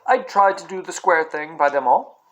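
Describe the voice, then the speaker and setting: A man's voice: a little high, animated, moderate pace, dull audio, close to an everyday voice. A man voicing a humble, earnest London cabbie with a Cockney accent, speaking hesitantly and plainly. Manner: modest, hesitant, homely speech.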